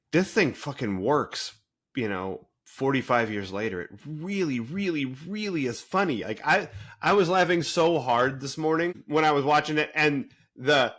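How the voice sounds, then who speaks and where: Bright-voiced chatty man. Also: medium pitch, moderate pace. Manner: animated, rambling with many fillers. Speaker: podcast co-host. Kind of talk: casual chat.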